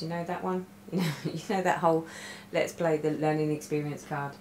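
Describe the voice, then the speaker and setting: A woman's voice: sits low, fairly even intonation, normal speed, hardly any pauses, a little mellow, slight background noise. Chatty middle-aged woman in an echoey room. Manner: chatty, rambling storytelling with many restarts. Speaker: cross-stitch vlogger. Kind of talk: casual stitch-along chat. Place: room at home. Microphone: webcam. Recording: roomy echo.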